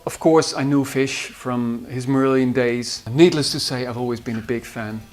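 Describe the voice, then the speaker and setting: Faint guitar music sits behind this interview, in which a man from the Netherlands, a composer, looks back on the singers he worked with. His mid-range voice stays steady at a normal speed, though his speech is hesitant, full of fillers and restarts, and carries a Dutch accent.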